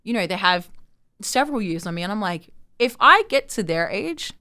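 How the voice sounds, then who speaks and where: A woman, telling her story as an interview guest in an animated way, acting out quotes and using lots of fillers. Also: mid-range voice, normal speed. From Sydney, Australia. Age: 20s.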